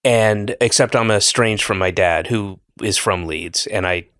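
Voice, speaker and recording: A man's voice: fairly low pitch, measured pace, a bit bright, clean tone, no echo. Casting: male podcast host, loose rambling storyteller, salty, bone-dry mic. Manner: rambling, profane, jokey storytelling with mimicked voices. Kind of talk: casual chat.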